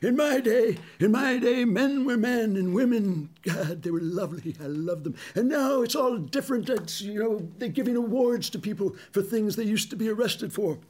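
A man voicing a fussy old male conservative critic who grumbles nostalgically, in a high, quavering, complaining put-on voice. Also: animated, normal speed, few pauses, darkish tone. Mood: grumbling nostalgic. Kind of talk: comic impression in a podcast monologue.

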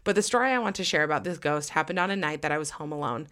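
A young woman hosting a podcast, chatting casually and reading listener stories aloud in an excitable way, full of "like". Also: low voice, rapid-fire. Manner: excitable, heavy use of "like". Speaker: podcast host.

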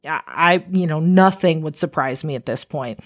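A woman's voice: low-pitched, normal speed. A woman giving casual explanatory commentary, conversational and emphatic, with rhetorical asides to the listener.

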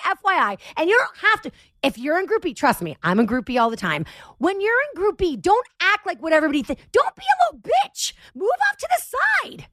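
High, lively woman ranting on a podcast. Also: no room sound, studio quality. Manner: profane, animated, self-mocking. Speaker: podcast host. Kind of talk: comedic storytelling rant.

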